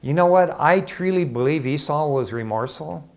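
Animated, emphatic male preacher. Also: a little high, normal speed, creaky. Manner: animated, emphatic, swings between loud and hushed. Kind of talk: sermon.

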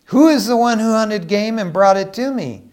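An aging father, shaken and alarmed, questions his son with a raised, high voice, as a male preacher reads his part. His words come out urgent and startled. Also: animated, unhurried.

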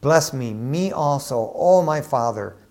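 A preacher reading as a pleading son. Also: male voice, mid-range voice, lively intonation, unhurried, a little mellow. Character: desperate grown son pleading with his father.

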